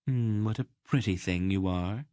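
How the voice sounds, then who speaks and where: A man putting on a brisk, commanding noblewoman. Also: on the low side, dark tone, smooth, no room sound, natural voice. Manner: brisk, dry, teasing. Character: commanding noblewoman, sharp and motherly.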